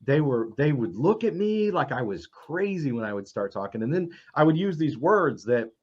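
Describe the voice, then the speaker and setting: A man's voice: on the high side, very animated, moderate pace, breathy edge. A middle-aged man telling stories on a casual panel, rambling with many fillers and restarts. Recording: dull lo-fi audio.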